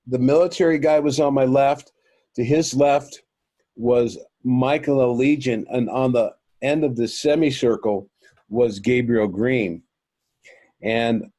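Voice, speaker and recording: A man's voice: medium pitch, dark tone, dry recording. A man telling a long personal story as an interview guest, earnest and rambling, with many fillers and restarts. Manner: earnest, addresses listeners as folks. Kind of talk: recounting a personal experience.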